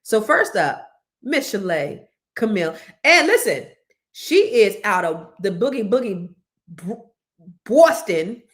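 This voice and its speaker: A woman's voice: mid-range voice, very animated, measured pace, a bit bright. A woman from California hosting a casual panel talk show, chatty and playful. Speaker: host.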